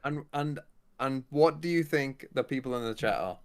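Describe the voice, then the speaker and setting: A man's voice: mid-range voice, normal speed, smooth. A man with a southern English accent co-hosting a watch party, arguing and teasing in casual chat. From Britain. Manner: argumentative, teasing.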